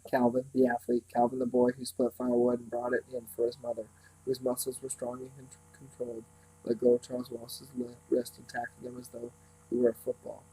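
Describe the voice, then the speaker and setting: A man reading a novel aloud at a steady pace, with small slips and restarts. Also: medium pitch, a little fast, breathy edge, rough recording. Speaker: reader.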